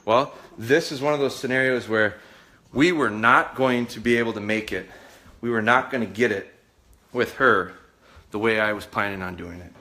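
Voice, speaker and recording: Guy running a live dog training stream, kinda winded, rambles and repeats himself, bright forward voice. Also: fairly low pitch, moderate pace. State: out of breath, sweating.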